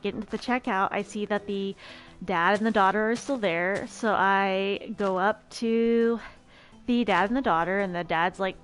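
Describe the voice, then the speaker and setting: A woman streamer telling a personal story in a chatty, emphatic way. Her voice sits at a middle pitch and she often restarts mid-sentence. Faint music plays behind her. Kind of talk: casual story time.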